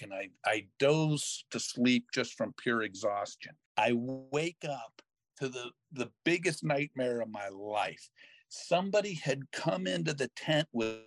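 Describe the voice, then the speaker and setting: An older man hosting a podcast, telling a long story in a lively, self-mocking way and slipping into other people's voices. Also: medium pitch, measured pace, dry recording. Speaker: podcast host. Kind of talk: storytelling in casual chat.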